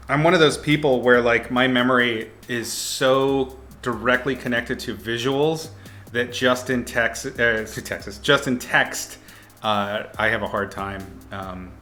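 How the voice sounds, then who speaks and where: A man's voice: mid-range voice, pushed and bright. A man teaching art on a livestream, giving casual critiques in a playful, upbeat way with mock-brutal jokes. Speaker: art instructor streaming.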